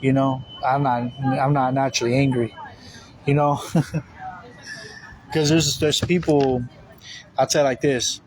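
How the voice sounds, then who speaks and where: A man preaching in a loose, casual way, circling back on his words with plenty of fillers. His voice sits at an ordinary middle pitch. Traffic and outdoor noise carry clearly behind him. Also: level tone, unhurried, long pauses, rough recording. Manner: rambling, repetitive, with many fillers. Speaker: religious teacher. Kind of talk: casual spoken sermon.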